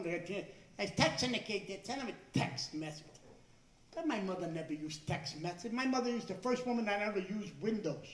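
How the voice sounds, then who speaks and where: Loud high-voiced older male stand-up comic. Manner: loud, animated, stammering restarts, shouted punchlines. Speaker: stand-up comedian. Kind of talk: stand-up comedy routine. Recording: echoey room, voice from some distance.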